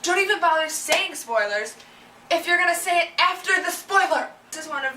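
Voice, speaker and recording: Very high-pitched, pushed and bright, this young vlogger speaks at a moderate pace with animation as she chats through an exasperated rant, acting out the people who annoy her. A little hiss or hum runs through a roomy recording taken slightly away from the mic.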